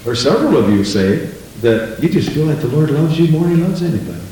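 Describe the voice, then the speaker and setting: A man's voice: medium pitch, lively intonation, fast, warm tone, a little hiss or hum. Male pastor, folksy preacher, heard from a distance in a very echoey church with faint room ambience. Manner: folksy, conversational preaching with rhetorical questions. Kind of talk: sermon. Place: church sanctuary.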